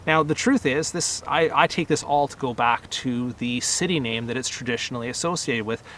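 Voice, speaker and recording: A middle-aged man speaks casually outdoors in a medium voice, relaxed and conversational. He pauses on fillers and corrects himself as he goes. Faint traffic hums behind him. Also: medium pitch. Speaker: rose nursery grower and channel host. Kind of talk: casual talk to camera.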